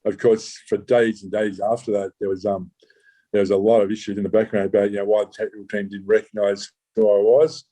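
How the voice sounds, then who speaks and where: A lowish, mellow-toned man tells his own story as a former undercover officer. He talks in halting bursts, restarting sentences and swearing casually as he goes. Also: level tone, low-quality recording. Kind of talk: recounting a true story in an interview.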